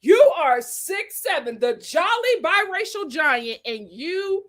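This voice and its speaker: A woman's voice: very high voice, very animated, slow pace, fairly bright tone. A woman hosting a live reality TV review, talking in a sassy, dramatic way and laughing often. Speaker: reality TV review show host. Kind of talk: animated live review chat.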